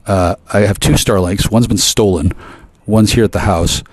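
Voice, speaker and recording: Man, lowish voice, rambling swear-filled rant to camera, stumbles over his words. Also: normal speed. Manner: profane, aggressive, stammering restarts.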